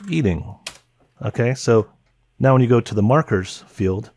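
A man teaching a software editing tutorial, naming keyboard shortcuts in short clipped bursts as he demonstrates. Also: fairly low pitch. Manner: calls out key names in short clipped bursts. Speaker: video editing instructor. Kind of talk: screen-recorded software tutorial.

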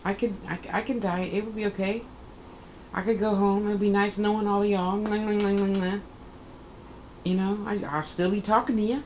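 A woman's voice: mid-range voice, fairly even intonation, a little fast, a little mellow, a little hiss or hum, low-quality recording. A woman in her fifties telling a rambling personal story in a casual vlog, correcting herself as she goes and acting out what she said. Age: 50s. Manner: rambling, chatty, self-correcting, acts out her own quotes. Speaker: vlogger.

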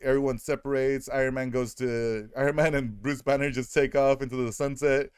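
A man in a casual podcast chat, rambling through a film recap with laughs and quick put-on voices for the characters. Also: mid-range voice, flat delivery, a little mellow, clear, resonant tone, no echo, studio quality. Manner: rambling, laughing, acting out lines. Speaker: podcast co-host.

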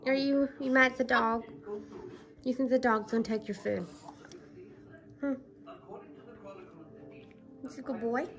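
A woman talking in doting baby talk to her pet monkey at home, often hushed and cooing. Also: high-pitched, fairly even intonation, a little slow, creaky, long pauses. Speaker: pet owner vlogger.

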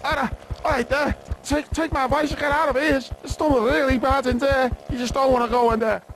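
A man's voice: very high voice, steady tone, brisk, fairly bright tone, faint music behind. A man voicing a nervous, rambling male bug worker in a game cutscene. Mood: scared.

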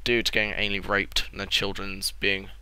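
A young man giving excitable, joking let's-play commentary, crude and sarcastic. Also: fairly low pitch, moderate pace, clean tone. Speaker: gaming channel host. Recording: loud background noise.

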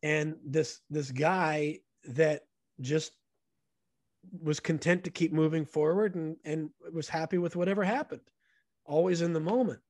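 A man's voice: fairly high pitch, steady tone, a little slow, darkish tone, dry recording. Earnest man telling stories, dry close mic. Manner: earnest, enthusiastic storyteller. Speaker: podcast guest. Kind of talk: casual storytelling conversation.

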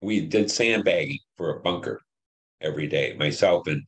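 An older man in his seventies, a veteran from Detroit, telling war memories in an interview, plain and halting with many fillers. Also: a bass voice. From Detroit, Michigan. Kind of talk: oral history interview.

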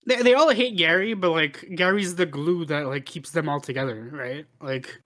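A man's voice: on the high side, normal speed, a bit bright. A man co-hosting a film podcast, chatting casually and rambling with many restarts. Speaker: podcast co-host. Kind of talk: casual film review chat.

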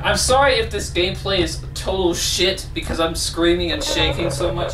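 A woman's voice: medium pitch, moderate pace, reverberant, recorded from a distance, over music. A woman gamer at home commentating a horror game, jumpy and swearing, often screaming. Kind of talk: let's play commentary. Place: at home, indoors.

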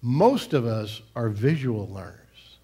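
A man's voice: mid-range voice, expressive, slow, warm tone, slightly rough. Man preaching a conversational sermon. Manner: conversational, explains at length with small restarts. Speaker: pastor.

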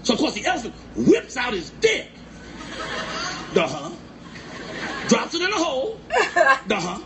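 A man doing a loud, playful stand-up comedy set and teasing the crowd. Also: extremely high pitch, wildly swooping pitch, measured pace, creaky. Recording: noisy live recording.

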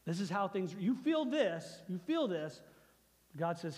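In a large hall, a male pastor with a high voice delivers a conversational sermon, very animated yet unhurried. He repeats phrases for emphasis and softly acts out God's lines.

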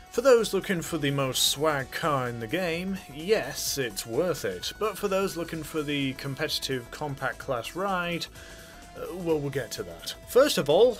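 A man narrating a casual game review in a chatty, offhand way, with jokey asides. His voice sits a little high for a man. Faint music plays behind him. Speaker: gaming channel host.

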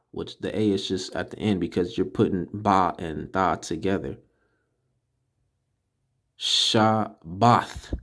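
A man teaching a casual class, correcting pronunciation in an emphatic way and slowly sounding out syllables one by one. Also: low-pitched. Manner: slow, deliberate, repeats and sounds out syllables. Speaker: teacher of a religious language class. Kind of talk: casual spoken lesson.

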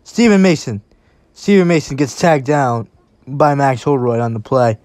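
A play-by-play commentator calling a game live, calm on routine snaps and breaking into excited shouts on big plays. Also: medium pitch, moderate pace, dry recording.

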